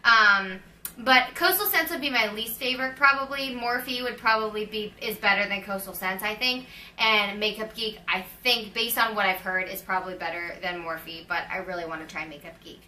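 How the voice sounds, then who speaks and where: Chatty young woman, bright and roomy. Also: mid-range voice, moderate pace, a little hiss or hum. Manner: chatty, lots of fillers. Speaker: vlogger answering viewer questions. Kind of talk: casual Q&A chat. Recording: roomy, slightly distant mic.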